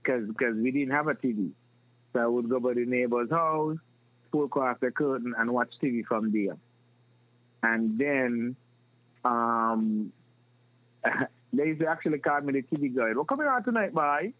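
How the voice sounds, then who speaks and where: A man telling stories from his youth in an animated way, often restarting his sentences. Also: mid-range voice, unhurried, pauses often, no room sound. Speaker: guest. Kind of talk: casual storytelling. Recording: dry, tinny phone-like sound.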